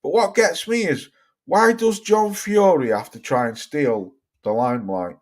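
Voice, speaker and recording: A man's voice: a little high, unhurried. A middle-aged man hosting a boxing livestream, ranting casually and swearing with exasperation as he reads out viewer comments. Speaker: boxing channel host.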